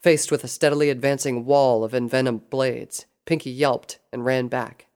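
A narrator reading a fan fiction story aloud in steady, even storytelling. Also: mid-range voice, normal speed, hardly any pauses, smooth.

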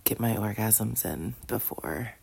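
Woman, very low and husky voice, drowsy morning tone, intimate casual diary from bed, often half-whispered. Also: slow, dark tone. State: groggy morning voice. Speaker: audio diarist. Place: in bed at home.

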